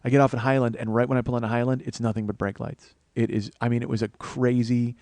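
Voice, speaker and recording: A man's voice: mid-range voice, little pitch movement, fast talker, a little mellow, no room sound. A man, a comedian hosting his own show, telling a long story and acting out the other people's voices. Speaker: comedian host. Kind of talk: storytelling monologue.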